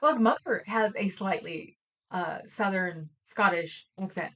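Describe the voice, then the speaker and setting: A woman's voice: mid-range voice, lively intonation, a little slow, fairly bright tone. A woman from Oakland, California, co-hosting a livestream in casual, rambling chat full of stories and fillers. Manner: rambling, storytelling, trails off with fillers. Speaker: livestream co-host.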